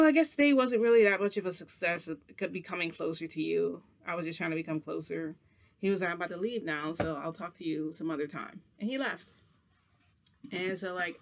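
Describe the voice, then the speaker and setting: A high-voiced male vlogger tells a story in a loose, casual style, rambling, restarting sentences and laughing along the way. His delivery is animated and brisk, with vocal fry.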